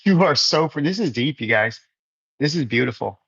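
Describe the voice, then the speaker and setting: A man's voice: fairly high pitch, lively intonation, normal speed, creaky, a bit bright, breathy edge, no echo, muffled recording. A man hosting a casual faith livestream, reading viewers' comments aloud and answering them in an earnest, encouraging way. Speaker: livestream fellowship host.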